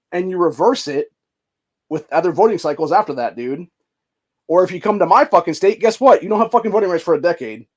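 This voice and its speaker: A podcast host from Ohio with a fairly high voice rants with heated, profane commentary. He reads news items and comments aloud, then breaks off to swear about them. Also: darkish tone. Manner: profane, heated, swears constantly and says dude.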